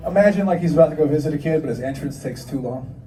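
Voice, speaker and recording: His voice sits on the high side with fairly even intonation as this thirty-something comedian rattles through a crude, self-deprecating routine and banters with the audience. Crowd noise and laughter come through the roomy, distant live club recording.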